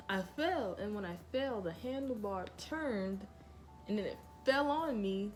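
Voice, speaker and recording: A woman's voice: mid-range voice, animated, measured pace, soft background music. A woman vlogger telling a casual storytime tale with a loose, profane manner and lots of fillers.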